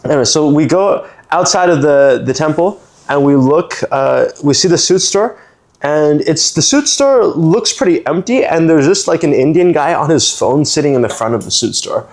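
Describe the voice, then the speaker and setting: A man's voice: on the high side, animated, normal speed, darkish tone. A man from San Francisco telling a long story in a casual podcast chat, rambling with lots of "like" fillers and acting out other people's lines. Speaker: storytelling guest.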